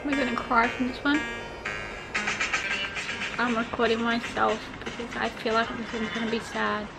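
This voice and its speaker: A woman's voice: a little high, steady tone, moderate pace, vocal fry, poor audio. A young woman chatting casually and emotionally as she reacts to an album, gushing about the songs. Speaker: vlogger reacting to music. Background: pop music playing.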